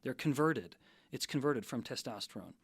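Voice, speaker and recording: Measured lecturing man, dry close sound. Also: mid-range voice, animated, vocal fry, husky, no echo. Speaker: scientist guest. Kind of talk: explanatory interview talk.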